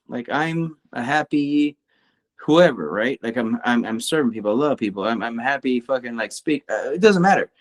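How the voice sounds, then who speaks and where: A man co-hosting a podcast in a casual chat, swearing a lot and rambling, his voice climbing when he gets worked up. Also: fairly quick. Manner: profane, rambling, animated, rising pitch when worked up. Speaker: podcast co-host; coach.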